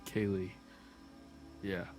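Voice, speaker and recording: An actor voicing a steady young man camp counselor in a video game. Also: deep voice, extremely slow, over music. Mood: flat.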